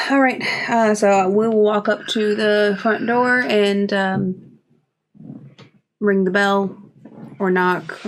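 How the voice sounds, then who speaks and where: A woman's voice: mid-range voice, vocal fry. A woman playing a tabletop game in a polite, hesitant manner. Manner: polite, hesitant, filler-heavy. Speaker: player.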